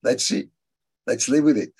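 A man teaching a religious class, answering students' questions in a halting, thoughtful way and repeating key phrases for emphasis. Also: mid-range voice, vocal fry, a little mellow, husky.

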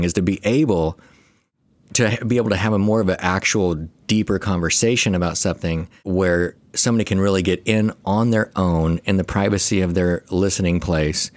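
A man's voice: deep voice, no room sound, studio quality. A man in his thirties, a therapist co-hosting a podcast, chatting casually and joking, often acting out what others said. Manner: jokey, laughing, quotes others in voices. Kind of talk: casual chat.

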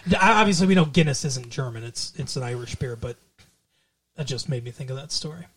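A man's voice: medium pitch, a little fast, a bit bright, breathy edge. Rambling male podcast co-host. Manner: rambling, trails off and restarts mid-thought. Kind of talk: casual chat about a TV show.

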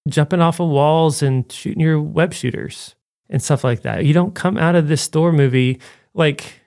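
A man's voice: fairly high pitch, moderate pace, creaky, dry recording, studio quality. A man co-hosting a podcast, talking through a movie review in a loose, rambling way full of fillers. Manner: rambling, animated, frequent "like" fillers. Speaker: podcast co-host. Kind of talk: casual film review chat.

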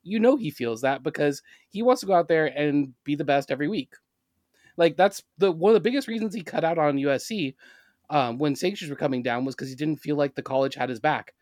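A man co-hosting a podcast, chatting casually about sports as an animated storyteller with quick asides. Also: on the high side, no echo, studio quality. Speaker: podcast co-host.

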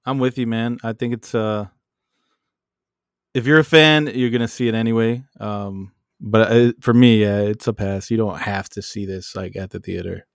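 Easygoing male podcast guest, lower voice, dry sound, casual with fillers. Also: steady tone, moderate pace, clear, resonant tone, no room sound. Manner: easygoing, laughs often, many fillers. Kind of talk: casual chat.

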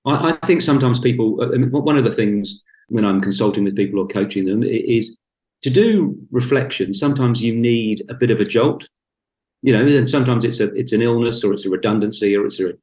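A man in his fifties speaking as a podcast guest, joking about himself in a wry, blunt way. His voice sits at an ordinary middle pitch. The room around him is roomy and echoey. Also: brisk, darkish tone. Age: 50s. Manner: wry, self-mocking, blunt humor. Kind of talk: casual conversation. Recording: roomy echo.

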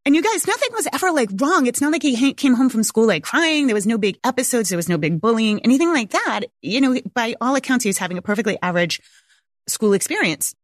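Talking fast in a fairly high, sing-song voice with no room sound, a homeschooling mom in her forties recounts a personal story to viewers. She's casual and candid, close to crying, and swears and laughs a lot.

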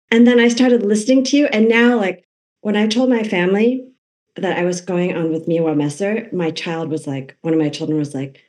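A woman's voice: medium pitch, a little fast, a little mellow. A woman from Massachusetts, an author guest on a podcast, talking eagerly and cutting herself off mid-sentence. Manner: eager, fan-like, self-interrupting. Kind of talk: casual interview chat.

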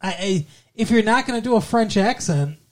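In a casual movie review chat, this co-host speaks at a normal speed with lively intonation in a voice that sits high, rambling along and swearing casually.

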